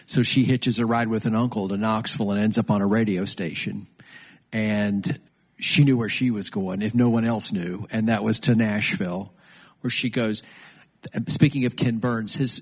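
A man's voice: mid-range voice, darkish tone. A man hosting a radio interview, engaged and conversational as he sets up questions for his guests. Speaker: radio show host.

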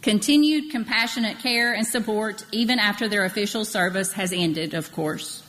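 A woman's voice: medium pitch, normal speed, a bit bright, long reverb tail, a little hiss or hum, rough recording. A woman presenting a scripted local history segment on a radio program.

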